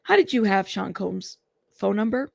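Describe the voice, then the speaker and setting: A woman's voice: medium pitch, normal speed, gravelly, a little mellow, no echo. A woman reading out a prosecutor's careful, methodical questions to a witness in court. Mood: questioning.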